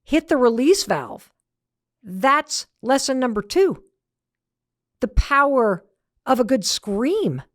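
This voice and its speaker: A woman's voice: sits high, very animated, slow pace, pauses often, no echo. Emphatic woman podcast host, dry sound. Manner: emphatic, storytelling with punchy repetition. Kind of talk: motivational podcast talk.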